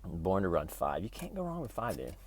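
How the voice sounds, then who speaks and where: A man's voice: deep voice, huge pitch swings, brisk, a little mellow, slightly rough. A man rambling and swearing in a casual vlog, talking to his phone camera from a parked vehicle. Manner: rambling, profane, talks to camera in bursts. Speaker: vlogger.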